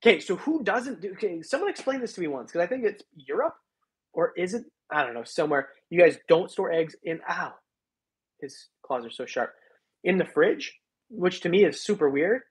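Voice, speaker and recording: A man's voice: high-pitched, sing-song, normal speed, husky. A man hosting a reptile live stream, chatting casually and rambling as he thanks viewers by name. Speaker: reptile channel host.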